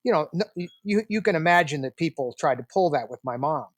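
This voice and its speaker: Man, 60s, podcast guest, lively storyteller, somewhat high-pitched, dry sound. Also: quick pace, dry recording. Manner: animated storyteller, acts out quoted dialogue. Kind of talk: storytelling interview.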